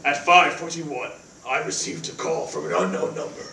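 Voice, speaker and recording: A young male student actor playing a man who fakes a low, clipped assassin voice on a theater stage. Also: moderate pace. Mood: cold menacing. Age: young adult. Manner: low clipped deadpan menace. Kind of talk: live stage reading. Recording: echoey theater from far off, faint noise.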